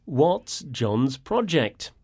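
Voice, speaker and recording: A man's voice: mid-range voice, big pitch swings, extremely slow, darkish tone, breathy edge. A man co-hosting a scripted language lesson, bantering playfully while he explains. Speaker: co-host.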